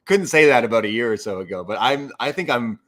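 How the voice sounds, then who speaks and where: A man's voice: medium pitch, expressive, quick pace, fairly bright tone. A man co-hosting a wrestling podcast, rambling casually with repeated words and swearing. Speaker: podcast co-host. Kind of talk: casual chat.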